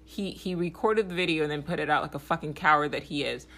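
A woman's voice: fast talker, a bit bright. A woman hosting a podcast, giving a blunt, profane political monologue and often checking in with "okay?". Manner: grows heated and higher when agitated. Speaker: podcast host.

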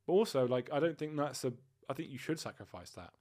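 A man's voice: mid-range voice, expressive, quick pace, darkish tone. A young man, co-hosting a casual couple's podcast, joking crudely and trailing off mid-sentence. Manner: crude, joking, mumbles and restarts. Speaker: podcast co-host.

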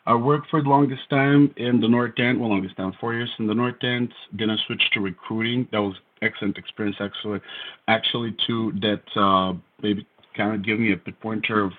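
A man's voice: lowish voice, steady tone, fairly quick, phone-quality sound. A Bulgarian man in his thirties with a Bulgarian accent, a podcast guest telling his story in a wry, self-deprecating way. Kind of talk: casual storytelling interview.

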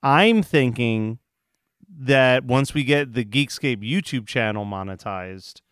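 A man's voice: medium pitch, expressive, slow, a bit bright, smooth, dry recording, studio quality. A man co-hosting a podcast, recapping a TV episode and telling rambling stories full of fillers. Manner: rambling storyteller with lots of fillers. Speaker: podcast co-host. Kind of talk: casual chat recapping a TV episode.

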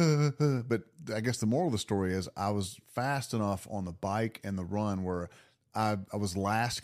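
A man guest on a podcast, telling a story in a casual, animated way, laughing and restarting his sentences. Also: on the low side. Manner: animated, laughing, lots of restarts and acted self-talk.

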